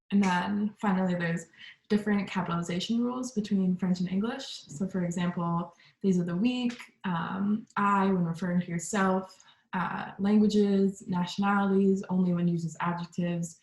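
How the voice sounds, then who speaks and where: A woman with a slightly low voice gives a class presentation. She talks casually, with lots of ums and likes. The room is echoey. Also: creaky. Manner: relaxed, with many ums and likes. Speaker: student presenter.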